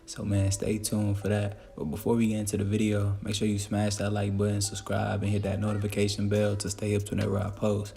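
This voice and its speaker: A man's voice: on the low side, completely flat delivery, a little fast, vocal fry, few pauses, mellow, faint music behind. A man hosting a casual video commentary, talking straight to his viewers in a laid-back way. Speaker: YouTube commentary host.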